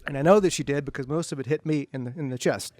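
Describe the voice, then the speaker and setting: A middle-aged man, an author, telling self-deprecating anecdotes to an audience at a bookstore event in a relaxed, humorous way. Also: a little high, fast. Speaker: author speaking at a book event. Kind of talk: humorous storytelling talk to an audience.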